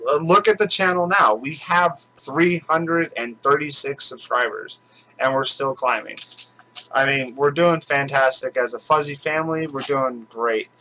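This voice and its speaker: A man's voice: mid-range voice, a little slow, bright, forceful tone, a little hiss or hum, poor audio. A man hosting his own channel at home, chatting casually and rambling with lots of fillers and restarts. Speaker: channel host. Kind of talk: casual chat.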